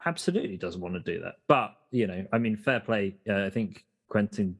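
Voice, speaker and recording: A man's voice: fairly low pitch, very animated, brisk, husky. A man guesting on a film podcast, easygoing and wry. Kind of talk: casual film podcast chat.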